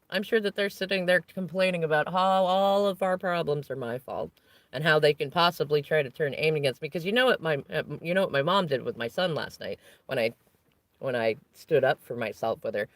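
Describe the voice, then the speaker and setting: A woman's voice: low-pitched, brisk, no echo. A woman vlogger sitting in a parked van, venting about a family conflict in a long, rambling, unscripted rant.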